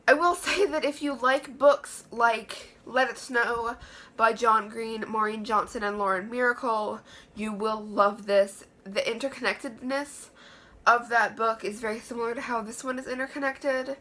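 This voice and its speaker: A woman's voice: fairly high pitch, steady tone, a little slow, sharp tone. A woman giving an enthusiastic, chatty book review in a room lined with books. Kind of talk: casual book review vlog.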